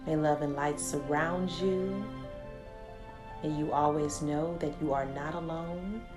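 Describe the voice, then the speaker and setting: A woman with a low voice speaks slow, soothing affirmations as she guides a meditation. Music plays clearly behind her. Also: fairly even intonation. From Texas. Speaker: podcast host. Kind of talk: guided meditation and podcast closing. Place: studio with a live audience.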